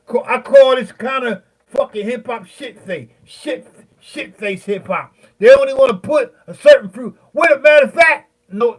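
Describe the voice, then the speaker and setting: A man in his fifties, a beat maker, ranting heatedly at his viewers, profane and rambling, with many fillers and pauses. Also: very high-pitched. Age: 50s.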